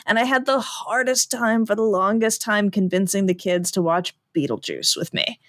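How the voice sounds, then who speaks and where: A woman co-hosting a podcast, a mother, chatting casually with quick playful quips. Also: medium pitch, fairly bright tone, no room sound, studio quality. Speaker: podcast co-host.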